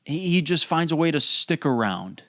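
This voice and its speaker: A man's voice: on the high side, very animated, normal speed, fairly bright tone, no room sound, studio quality. A man hosting a podcast, ranting casually in a rambling, profane way full of "dude" and "bro". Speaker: podcast host. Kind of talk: casual solo rant.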